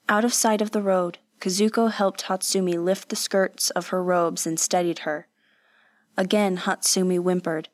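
A woman narrating a novel aloud in a measured, emotive way. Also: mid-range voice, dry recording. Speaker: audiobook narrator. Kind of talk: scripted narration.

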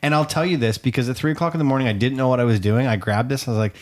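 A man's voice: mid-range voice, rapid-fire. A man co-hosting a casual podcast with his partner, answering with defensive, dry comebacks. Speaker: podcast co-host. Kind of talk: casual couple chat.

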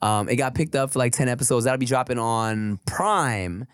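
A man in his thirties co-hosting a podcast, his voice deep and husky from a sore throat, talking in laid-back slangy banter with frequent laughs. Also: moderate pace, no echo, clean studio sound. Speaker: podcast co-host. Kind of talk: casual podcast chat.

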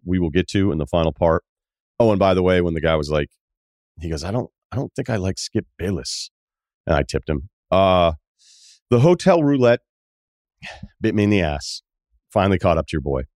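A deep-voiced man hosts a podcast and tells a rambling travel story in a casual, animated way. He acts out the people he met, jumping up and down in pitch for their lines. His voice sounds dry and close, with no room around it. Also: normal speed, pauses often, no echo. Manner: animated, acts out quoted dialogue in shifting voices. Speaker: podcast host.

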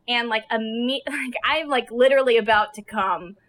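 A chatty young woman co-hosting a podcast and telling a story, with filler words everywhere and easy giggles. Her voice is bright and crisp, sitting a little high. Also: normal speed. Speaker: podcast co-host. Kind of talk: casual chat, storytelling.

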